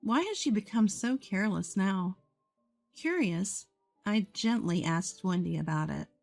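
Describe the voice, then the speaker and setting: A woman narrates a first-person story in a calm, measured voice at a middle pitch. Her voice sounds dry and close to the mic. Soft music plays faintly underneath. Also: vocal fry, dry recording.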